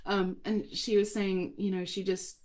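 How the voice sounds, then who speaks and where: A woman author as a guest on a podcast, chatting casually and telling animated, rambling stories. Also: medium pitch, unhurried. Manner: animated, tangential storyteller who swears casually.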